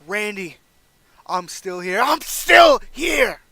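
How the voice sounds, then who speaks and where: A man's voice: high-pitched, moderate pace, no echo. A man voicing an older male wrestling veteran giving an impassioned, defiant speech in a wrestling game playthrough. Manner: impassioned, builds to shouting.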